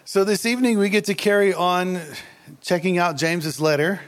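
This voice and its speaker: Male preacher, casual and humorous delivery, slightly raised pitch, reverberant church hall. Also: moderate pace, slight background noise. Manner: jokey, conversational, laughs at himself. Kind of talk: sermon.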